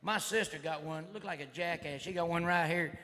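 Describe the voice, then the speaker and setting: A middle-aged man with a Southern US accent doing a stand-up comedy routine on stage, rambling in a rowdy redneck drawl and shouting his punchlines. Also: on the high side, brisk. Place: comedy club stage before a live audience. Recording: live hall recording with crowd noise. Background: audience laughter and crowd noise.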